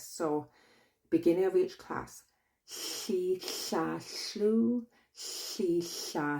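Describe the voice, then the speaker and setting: A woman with a thick Kwak̓wala-influenced English accent, teaching in a casual vlog, unhurried and loose with plenty of fillers. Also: low voice, darkish tone. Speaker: language teacher.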